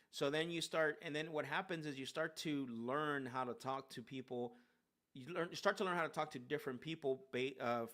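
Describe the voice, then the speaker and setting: Rambling male sales coach at a mid-range pitch, casual and filler-heavy, restarts a lot. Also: a bit bright. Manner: rambling, filler-heavy, keeps asking "right?"; restarts sentences often. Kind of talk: casual live coaching talk.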